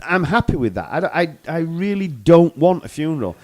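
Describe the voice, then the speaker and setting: Lively higher-voiced man, blunt opinions. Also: moderate pace. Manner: blunt, swears freely, stammers on restarts. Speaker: podcast co-host. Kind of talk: casual chat.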